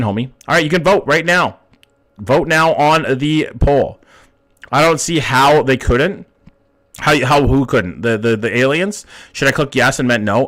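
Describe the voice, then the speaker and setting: A man's voice: mid-range voice, a bit bright. Swearing, chatty young male streamer. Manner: chatty, swears often, asks chat questions. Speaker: livestream host reading chat. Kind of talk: casual live-stream chat.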